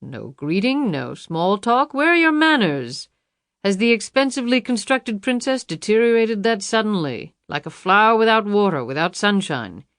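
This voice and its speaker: A woman reading an audiobook, voicing a male kidnapper villain who talks slowly and pleasantly with mocking menace. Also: mid-range voice, very animated, a bit bright, no echo, studio quality, pitched above the performer's own voice. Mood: taunting. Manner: pleasant, slow, taunting menace.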